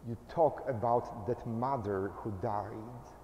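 A man delivers a sermon in short, measured phrases, taking his time over each one. His mid-pitched voice carries through a roomy church with a long, trailing reverb. A faint hum of room ambience sits behind him. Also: warm tone, highs cut off. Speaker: pastor.

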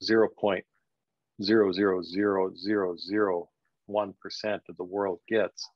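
An older man, a guest on a podcast, telling a personal story in a reflective, halting way with many "you know"s. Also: low-pitched, flat delivery, no echo. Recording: dull, dry lo-fi sound.

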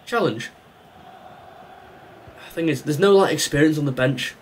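A man's voice: fairly high pitch, a little slow. A man giving live commentary over his own football video game match, reacting and complaining as he plays. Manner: reactive, exasperated, talks to the game. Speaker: gaming YouTuber.

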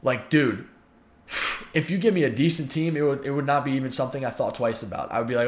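A man's voice: a little high, lively intonation, a little fast, reverberant, a little hiss or hum. A man in his twenties venting his frustration in a heated, repetitive vlog monologue. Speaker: YouTuber and pro gamer.

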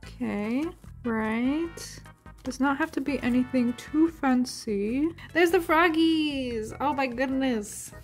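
A woman's voice: high voice, slow pace, darkish tone, faint music behind. A young woman in her twenties chatting her way through a home cooking vlog, rambling and self-deprecating, with lots of "like" fillers. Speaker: cooking vlogger. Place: home kitchen.

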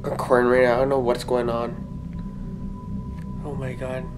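A young man filming a vlog on a phone at night inside a house, talking in a hushed, frightened voice and repeating himself. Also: mid-range voice, monotone, moderate pace, over music, rough recording. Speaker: vlogger. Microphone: phone held in hand.

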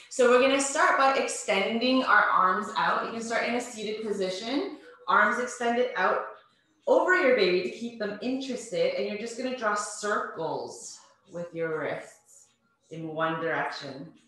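Slow, encouraging woman fitness instructor. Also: mid-range voice, a bit bright. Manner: encouraging, cues breathing and movement step by step. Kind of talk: guided home workout class. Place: home. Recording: very echoey room.

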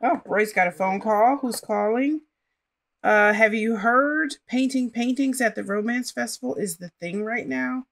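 A woman's voice: a little high, measured pace. A woman casually commenting on her life-simulation gameplay and chatting to her characters as she plays. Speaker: gaming channel host.

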